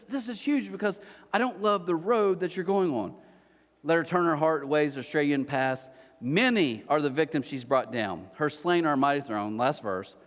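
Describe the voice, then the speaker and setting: A man preaching a sermon as pastor, telling stories with energy and acting out the voices of the people in them. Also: fairly high pitch. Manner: animated storytelling, acts out voices. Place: large church hall. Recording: reverberant church hall.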